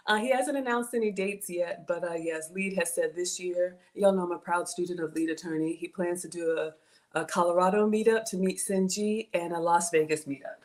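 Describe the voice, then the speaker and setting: A woman with a Southern US accent and a medium-pitched voice hosts a casual cooking livestream, chatting with viewers and thanking them often. She trails off and restarts her sentences, with slight background noise in the recording.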